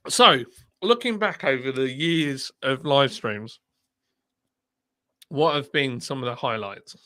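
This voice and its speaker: A man's voice: medium pitch, expressive, slow pace, bright, forceful tone, no room sound, studio quality. A man hosting a casual livestream chat, talking bluntly and laughing often. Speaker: livestream host, former brewery boss.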